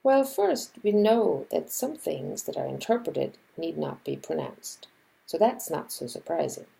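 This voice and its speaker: A woman lecturer giving scripted narration about linguistics, measured and explanatory, acting out example sentences as she goes. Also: low-pitched, very animated, creaky, warm tone, poor audio.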